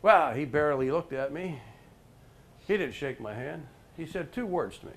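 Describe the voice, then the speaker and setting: A middle-aged man spinning a workplace story for a live crowd, his voice pitched slightly high. He jumps between big, loud moments and low, confiding asides, and keeps pulling listeners in with questions by name. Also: expressive, normal speed. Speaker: professional motivational speaker. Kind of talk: storytelling talk to a live group.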